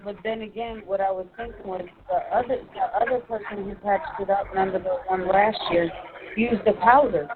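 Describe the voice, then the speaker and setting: A woman's voice: mid-range voice, fairly even intonation, fairly quick, noisy background. A woman talking with her husband on a phone call, answering in short, hesitant replies. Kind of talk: casual phone conversation. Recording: tinny phone line.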